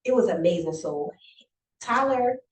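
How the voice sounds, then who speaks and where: A woman talks casually as an interview guest, animated and heartfelt, slipping into the voices of people she quotes. Her voice sits at a middle pitch and carries an echo off the room, sounding as if she is a little way from the mic. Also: measured pace, a crowd in the background. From South Carolina Lowcountry. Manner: animated, acts out quotes, emotional and grateful. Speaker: guest, private chef and business owner. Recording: echoey room, voice from a distance.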